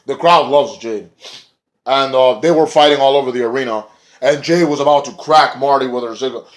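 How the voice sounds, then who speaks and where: A man's voice: medium pitch, fairly quick. A man talking through a wrestling recap in a loose, rambling way. He gets worked up and swears freely, and he often trails off or restarts his thoughts. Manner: rambling, excitable, profane. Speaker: wrestling reviewer. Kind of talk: casual wrestling recap vlog.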